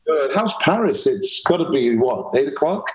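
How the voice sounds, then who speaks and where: A man with a higher, sing-song voice hosts a podcast, welcoming guests over a video call with cheerful chatter at a moderate pace. It's a relaxed interview, and the recording sounds rough.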